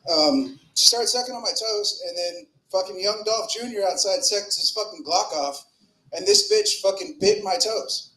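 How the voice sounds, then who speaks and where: High-voiced crude stand-up comic man. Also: normal speed, sharp tone. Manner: crude, rambling delivery with fillers and shifting volume. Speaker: stand-up comedian. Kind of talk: open mic stand-up set. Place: comedy club with live audience. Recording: roomy club echo.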